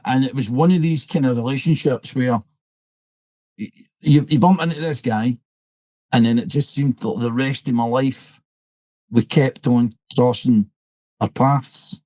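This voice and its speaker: A middle-aged Scottish man recalls old army pipe band days in a relaxed interview. He rambles, stumbles over his words and keeps slipping "I says" into his telling. The sound is dry and close, with little room around it. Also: mid-range voice, moderate pace, pauses often, no echo, poor audio. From Scotland. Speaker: interview guest, military pipe band drummer. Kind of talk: conversational storytelling.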